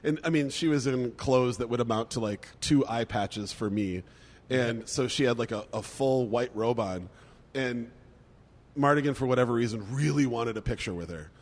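A man in casual chat with a middle-pitched voice, starting hesitantly with lots of fillers before rushing into his story. A long, hall-like reverb trails behind his words. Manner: hesitant, lots of uh and um, then speeds up.

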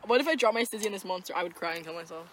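A woman's voice: fairly low pitch, animated, very fast, slight background noise. A young woman co-hosting a podcast, chatting casually in a rambling, profane way and giggling often. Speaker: podcast co-host. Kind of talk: casual chat.

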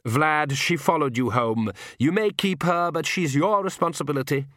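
A man's voice: on the high side, moderate pace, fairly bright tone, dry recording, clean studio sound, voice pushed up, lightly acted. Man playing a suave vampire count. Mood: imperious. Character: suave aristocratic male vampire count, menacing.

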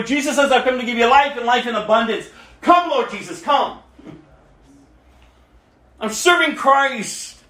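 Emphatic male pastor preaching in a roomy hall. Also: very high voice. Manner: emphatic, swings from quiet asides to loud exhortation. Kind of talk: sermon.

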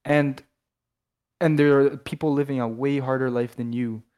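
A man's voice: medium pitch, steady tone, moderate pace, darkish tone. Rambling young Canadian guy. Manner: rambling, loose, swears a lot, many restarts. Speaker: podcast co-host. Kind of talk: casual chat.

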